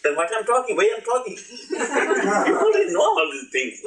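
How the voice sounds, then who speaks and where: Playful teacher in an echoey hall. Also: male voice, sits high, wildly swooping pitch, moderate pace, a bit bright. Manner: playful, laughing, asks the audience questions. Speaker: spiritual teacher. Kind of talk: informal spiritual talk to an audience. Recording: echoey room, old archive recording.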